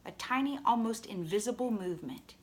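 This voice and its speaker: A woman reading a novel aloud as narrator, expressive and storytelling. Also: fairly high pitch, brisk. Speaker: audiobook reader.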